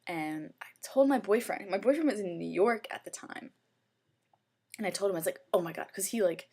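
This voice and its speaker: A young woman, chatting at a middle pitch. She gushes about her makeup in a casual review and scatters "like" through her talk. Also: animated, moderate pace, darkish tone. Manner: gushing, chatty, heavy use of "like". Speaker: beauty vlogger.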